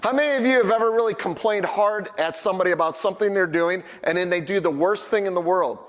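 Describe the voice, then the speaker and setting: A man's voice: high-pitched, quick pace, fairly bright tone, long reverb tail. A middle-aged man preaching a sermon as a pastor, telling everyday stories in a conversational, humorous way. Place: church sanctuary.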